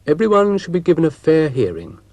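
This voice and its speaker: A man voicing a kindly, magical male spring-jack who speaks brightly and declaims. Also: on the high side, big pitch swings, fairly quick, no room sound, pitched above the performer's own voice.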